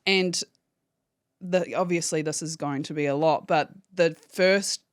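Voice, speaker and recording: A woman's voice: low-pitched, steady tone, unhurried, no echo, clean studio sound. A woman, a podcast guest giving a candid, emotional personal account and swearing freely. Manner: candid, swears freely, acts out phone calls in quotes.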